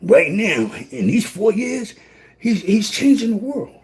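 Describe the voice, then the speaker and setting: A man preaching on a livestream, fiery and preachy, swinging from loud outbursts to a near-whisper. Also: sits high, sing-song, a little slow. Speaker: livestream host.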